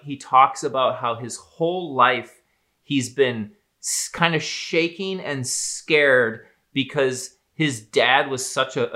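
A man's voice: medium pitch, sharp tone. A man in casual podcast conversation, musing and thinking aloud with loose phrasing. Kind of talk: casual chat.

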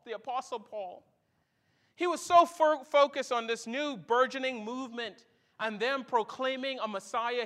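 A middle-aged man preaching a sermon as a pastor, telling stories and acting out the quoted voices in them. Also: very high voice. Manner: animated storytelling, acts out quoted voices.

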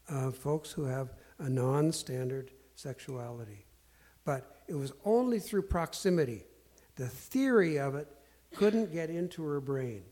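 Earnest, halting man, mellow tone. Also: fairly high pitch. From Portland area. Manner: self-deprecating, earnest, halting with many fillers. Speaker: speaker sharing life lessons. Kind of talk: candid storytelling talk.

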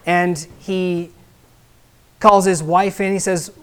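A man's voice: sits high, fairly even intonation, slow, clean tone. Male pastor, emphatic expository sermon, keeps checking in with "right?".

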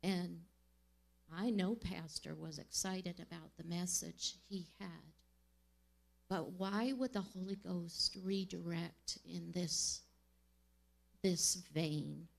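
Slow, gravelly-voiced woman exhorting. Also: on the low side. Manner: slow and earnest. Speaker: church member sharing a word. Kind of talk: spoken prophetic exhortation. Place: church service.

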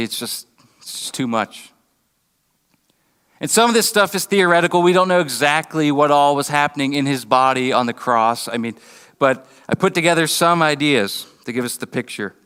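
A man's voice: medium pitch, fairly bright tone, clean tone. Earnest male pastor in a reverberant church. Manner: earnest, halting with repeated restarts, acts out mocking voices. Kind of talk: sermon. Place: church building.

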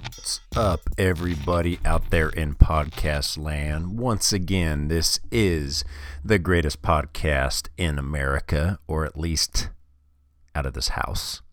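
A man's voice: rumbling low, steady tone, takes it slowly. A man hosting his own podcast, opening the show in a joking, casual way. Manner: joking, upbeat. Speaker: podcast host.

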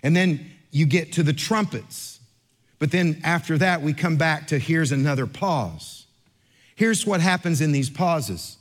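A middle-aged male pastor preaching a sermon, telling a lively story with acted-out voices, then slowing to read and unpack scripture. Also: fairly high pitch. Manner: animated storyteller, acts out other voices, then slows for scripture.

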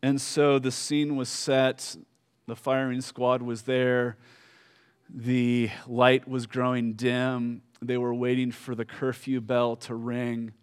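A man preaching a sermon, telling a story slowly with fillers and pauses, dropping soft at solemn moments. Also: mid-range voice, completely flat delivery, clean tone. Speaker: pastor.

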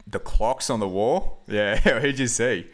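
A man's voice: on the low side, takes it slowly, fairly bright tone. A man hosting a casual film review podcast, rambling with lots of fillers and frequent laughs. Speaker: podcast host.

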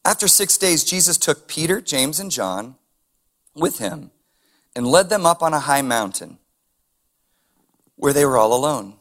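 A male pastor delivers a sermon in a relaxed, conversational way, with a voice that sits a little higher than most men's. He reads scripture, then breaks off into chuckling asides and strings of rhetorical questions. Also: measured pace, long pauses.

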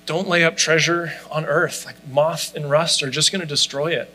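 Man, sermon, bright tense voice, slightly high, chatty with fillers. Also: steady tone, normal speed, faint music behind, poor audio. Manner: conversational, frequent "like" fillers. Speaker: pastor.

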